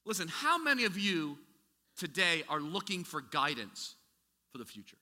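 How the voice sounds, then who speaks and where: A man's voice: fairly high pitch, big pitch swings, moderate pace, sharp tone. A man preaching a sermon as pastor, talking in a conversational way with many restarts and asides. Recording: echoey hall with long reverb.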